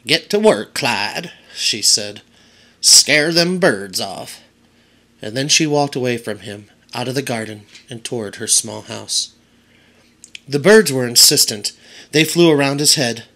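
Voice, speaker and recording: Bright-voiced man reading a children's book. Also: mid-range voice. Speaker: teacher reading aloud. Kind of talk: audiobook narration.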